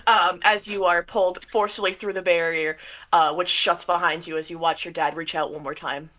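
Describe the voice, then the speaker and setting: A woman narrating a tabletop game as game master in a relaxed way with many fillers. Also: lowish voice, brisk.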